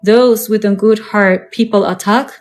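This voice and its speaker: A woman speaks English with a German accent, at a middle pitch, in an earnest, repetitive live-stream monologue. She leans on her points by saying them twice. Faint music plays behind her. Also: fairly even intonation, measured pace, a little mellow. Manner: earnest, repetitive, emphatic phrasing.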